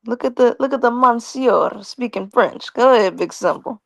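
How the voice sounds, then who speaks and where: Woman, live-stream host, playful teasing chat, gravelly voice, dry close sound. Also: a little high, normal speed, dry recording. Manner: playful and teasing, laughs often. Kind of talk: casual live-stream chat reading comments aloud.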